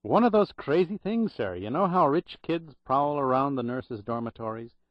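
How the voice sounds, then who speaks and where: A man voicing a talkative, wry elderly Irish hospital clerk with a loud brogue, on a dull, dry recording. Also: mid-range voice, lively intonation, normal speed, no room sound, pitched above the performer's own voice, natural voice. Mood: sardonic. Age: older. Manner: loud brogue, sardonic storytelling.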